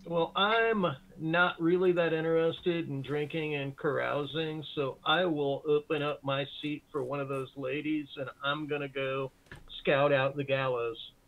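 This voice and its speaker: A player in a tabletop game, talking plainly and a bit hesitantly. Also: male voice, a little high, fairly even intonation, measured pace, narrow, tinny audio. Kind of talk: tabletop role-play.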